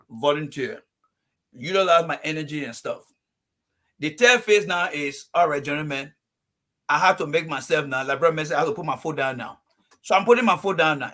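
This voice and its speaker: Man from liberia, panelist, emphatic, bright lively voice, somewhat high pitch. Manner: emphatic, lists points in phases. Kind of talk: heated call-in panel talk.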